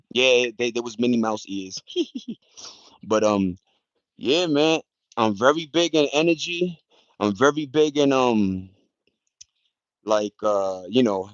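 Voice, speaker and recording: A man chatting loosely on a livestream, using street slang and shouting out viewers by name. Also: mid-range voice, no echo, muffled recording. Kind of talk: casual rambling livestream chat. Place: at home in the countryside, partly outdoors.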